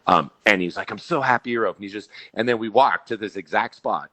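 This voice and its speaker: A man from Montana, co-hosting a podcast, tells a rambling, animated story in casual chat and acts out the dialogue. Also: lowish voice, fairly quick, no room sound. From Billings, Montana, USA. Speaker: podcast co-host.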